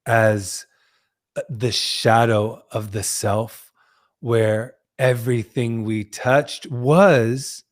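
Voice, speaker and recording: A male podcast host speaking slowly and earnestly, effusive and reflective in a casual spiritual conversation. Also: lowish voice.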